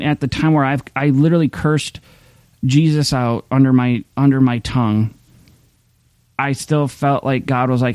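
Man, pastor, conversational sermon, warm low tone, mid pitch. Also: no echo. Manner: candid, conversational preaching with restarts. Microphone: streaming camera mic.

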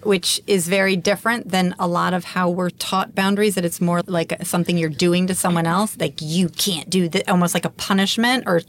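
A woman life coach, a podcast guest, explaining her ideas in brisk, chatty speech and laughing often. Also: on the low side, steady tone, slight background noise. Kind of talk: casual podcast conversation.

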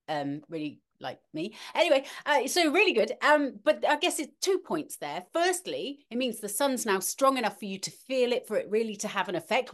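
A middle-aged woman, co-hosting a casual weather chat, animated and talkative, with frequent ums and restarts. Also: medium pitch. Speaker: podcast co-host, weather presenter.

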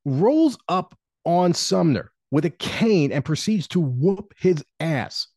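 A man's voice: on the high side, animated, slow, a little mellow, husky, no room sound, clean studio sound. A man co-hosting a political podcast who tells stories in a rambling way, full of fillers. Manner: rambling, many "you know" fillers. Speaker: podcast co-host. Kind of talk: casual podcast storytelling.

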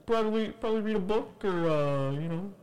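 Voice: medium pitch, brisk, darkish tone, natural voice, poor audio. Player voicing a folksy bus driver in a role-play game, rambling, full of fillers.

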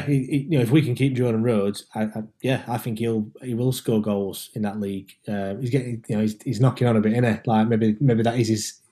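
A man talks football in a mellow, darker voice at a middling pitch. He hesitates often and repeats words as he works toward his point. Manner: hesitant, stammering restarts, agreeable. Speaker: podcast co-host. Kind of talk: casual football chat.

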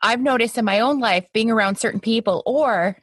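A woman hosts a casual chat, responding warmly and talking freely about her own life. Her voice sits a little high and sounds close and dry. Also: a little fast, breathy edge, no echo. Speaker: host.

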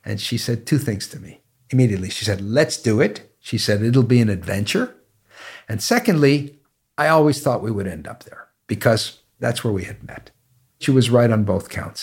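A man in his sixties from Canada, telling personal stories in a measured, anecdotal way in an interview. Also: medium pitch, husky. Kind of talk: reflective storytelling interview. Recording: faint guitar music underneath.

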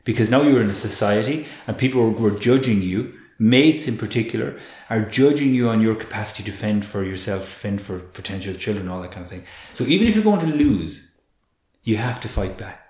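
A man, a guest expert explaining in an earnest, animated way, often restarting with repeated words. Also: fairly low pitch, brisk. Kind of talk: conversational explaining. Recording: roomy echo.

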